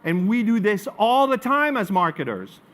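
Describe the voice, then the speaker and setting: A man with a French accent presents to a live audience. His voice sits a little on the high side, and he tells stories with animated swings between punchy emphasis and hushed asides. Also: moderate pace. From France. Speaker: marketing speaker.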